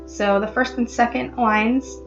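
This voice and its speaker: A woman vlogger explaining a poem in a casual, halting way, with many ums and restarts. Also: fairly high pitch, fairly even intonation, dull audio, soft background music. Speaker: literary vlogger.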